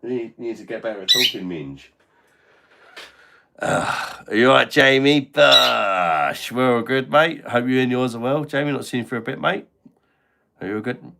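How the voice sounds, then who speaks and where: A man's voice: mid-range voice, expressive, unhurried, creaky, pauses often. A man hosting a casual live stream, bantering and swearing at his noisy pet bird while reading chat comments. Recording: loud parrot squawks behind.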